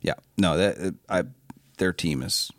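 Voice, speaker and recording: A man's voice: sits low, a little slow, no echo, studio quality. A man co-hosting a casual car podcast, talking in an easygoing, jokey way and laughing as he reads. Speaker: podcast co-host.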